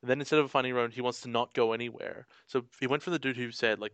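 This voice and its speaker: A male co-host in easy, rambling conversation, mid-pitched and chatty. He laughs often and slips into quick impressions of the lines he quotes. The sound is dry and close. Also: steady tone, a bit bright, no room sound. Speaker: podcast co-host. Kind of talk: casual chat.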